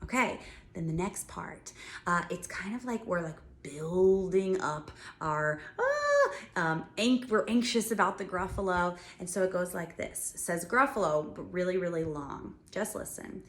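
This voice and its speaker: A woman's voice: lowish voice, normal speed, fairly bright tone, reverberant. A woman teaching a music lesson to young children, talking and singing patiently and explaining each step. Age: adult.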